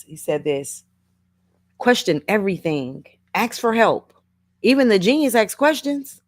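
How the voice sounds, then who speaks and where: A woman's voice: fairly low pitch, a little mellow. A middle-aged woman hosting a casual motivational livestream, reading viewers' comments aloud, laughing often and calling listeners baby and honey. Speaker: livestream host.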